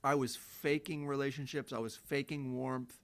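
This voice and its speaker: Mid-range and steady, at a normal speed, this middle-aged man's voice carries an unscripted self-help monologue that's blunt and profane. He flares into emphatic rants now and then, mocking others by quoting them in a sing-song tone.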